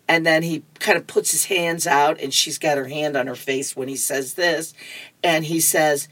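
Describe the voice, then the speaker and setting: A woman's voice: deep voice, steady tone, moderate pace, a bit bright, no room sound. A woman radio reader reading comic strips aloud, chuckling as she playfully acts out the characters.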